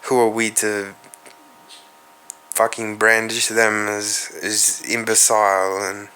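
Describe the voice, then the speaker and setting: Slow, completely flat in delivery, and lowish in pitch, the Australian host's voice still comes across pushed, bright and smooth. Alone on his podcast, he rambles, muses, curses casually and addresses viewers head-on.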